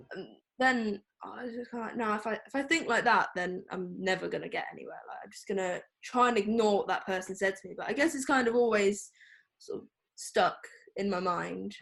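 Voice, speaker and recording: A woman's voice: mid-range voice, creaky. A young woman, a photographer speaking as a guest in a casual interview, chatty and full of fillers. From England. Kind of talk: casual interview over a call.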